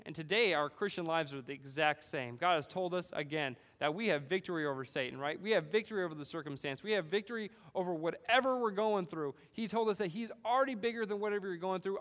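A man from California preaching a sermon, animated storytelling with frequent "right?" asides. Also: sits high, fast, few pauses, in a large hall. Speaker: pastor.

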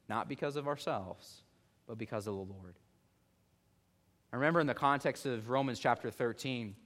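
A pastor in his thirties preaching a sermon earnestly, rising in force at key points and slowing down to read scripture. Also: on the high side, fairly bright tone.

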